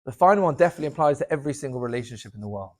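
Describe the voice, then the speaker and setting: A man, a rabbi, giving an inspirational talk, swinging from loud, emphatic lines to soft, low asides. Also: animated, very fast.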